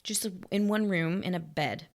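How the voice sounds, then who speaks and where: A woman co-hosting a podcast, chatting casually about a film in an animated, playful way. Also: fairly low pitch, moderate pace. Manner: animated, playful, acts out quoted lines. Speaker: podcast co-host. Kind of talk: casual film-review chat.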